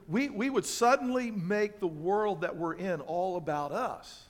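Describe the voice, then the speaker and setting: A male pastor with a notably high voice delivers a sermon in a church. He preaches with animated swings between loud, emphatic lines and quiet asides. He keeps asking the congregation rhetorical questions. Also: measured pace. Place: church sanctuary.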